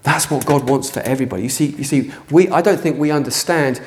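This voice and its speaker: A man preaching a sermon to a church congregation, passionate and earnest, sometimes rising to near shouting. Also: mid-range voice, fast, a little hiss or hum. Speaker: pastor. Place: church hall.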